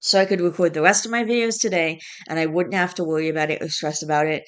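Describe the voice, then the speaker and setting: A woman's voice: sits low, steady tone, fast, fairly bright tone, clear, resonant tone. A woman vlogging in a casual chat, stressed and tired, fighting back yawns and restarting her sentences as she rambles.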